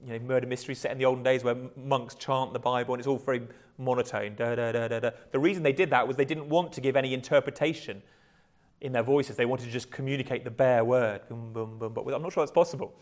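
A man's voice: medium pitch, fairly even intonation, fast talker, darkish tone. A man preaching a conversational sermon, often restarting words and chuckling lightly.

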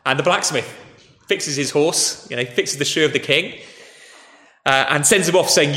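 A man preaching a sermon, telling a story in a relaxed conversational way and speaking to the children too. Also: a little high, normal speed, long pauses. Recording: echoey hall with faint ambience.

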